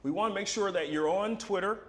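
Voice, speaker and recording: A man's voice: high voice, brisk, a bit bright. A man hosting a live charity broadcast, enthusiastic and promotional. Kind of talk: upbeat live-stream hosting. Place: broadcast set in Philadelphia.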